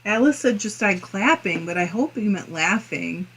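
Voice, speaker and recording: A woman's voice: medium pitch, animated, normal speed, fairly bright tone, husky. A woman hosting a casual crafting livestream, reading viewer comments aloud and giggling often between them. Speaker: fiber arts channel host.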